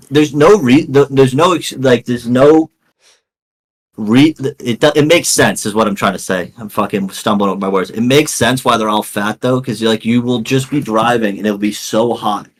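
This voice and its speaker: A young New England man co-hosts a podcast in casual chat, his voice lowish with a fairly bright tone. He rambles and swears a lot, saying "dude" and "like" in most sentences.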